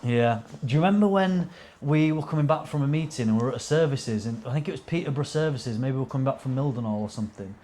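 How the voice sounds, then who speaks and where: A man's voice: mid-range voice, fast talker, hardly any pauses, warm tone, a little hiss or hum. A young man, a podcast guest telling rambling anecdotes in casual chat, swearing and acting out quotes. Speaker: podcast guest, racing driver.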